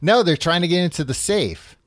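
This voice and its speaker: A man's voice: fairly high pitch, animated, brisk, fairly bright tone, dry recording, clean studio sound. A man casually recapping a book on a podcast, rambling with lots of fillers and laughing often. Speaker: podcast host.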